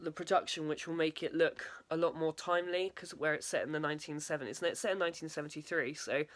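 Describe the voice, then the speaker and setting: A woman's voice: low voice, fairly even intonation, fast. A young woman, a drama student, talking through a spoken video diary in a hesitant way, full of fillers and "sort of".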